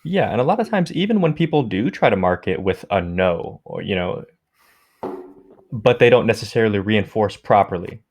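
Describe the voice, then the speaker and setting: A man who co-hosts a dog training podcast, explaining ideas in a steady, conversational way. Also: lowish voice, moderate pace, slight background noise.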